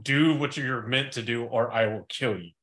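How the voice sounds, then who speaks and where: Man, podcast co-host, wry, bright forceful voice. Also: mid-range voice, normal speed. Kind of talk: casual book discussion.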